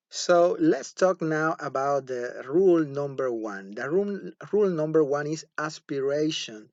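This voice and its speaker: In a dull, lo-fi, dry recording with no room sound, a teacher delivers a phonetics lecture in a medium-pitched, darkish voice. He is patient and repetitive, repeating words and often checking in with the class by asking "okay?"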